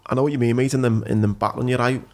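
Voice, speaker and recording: A man's voice: medium pitch, racing. English podcast host guy, ex-marine, tells it straight and gets worked up, average voice. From England. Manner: animated, frank storytelling. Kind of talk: casual chat.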